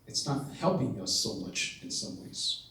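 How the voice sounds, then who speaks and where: A man's voice: medium pitch, very animated, unhurried, vocal fry, bright, forceful tone, a little hiss or hum. A man presenting at a conference, telling a personal story in an earnest, emotional way. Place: conference hall. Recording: echoey hall from far off.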